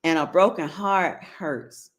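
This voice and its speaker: A woman's voice: low-pitched, takes it slowly. A middle-aged woman with an African American Vernacular English accent, hosting a casual advice talk, blunt and profane, checking in with her listeners. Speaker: host giving relationship advice.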